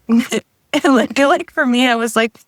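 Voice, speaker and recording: A woman's voice: high-pitched, no room sound, studio quality. A middle-aged woman, a guest, telling a personal story in a casual, chatty way, often saying 'like' and voicing her own past thoughts aloud.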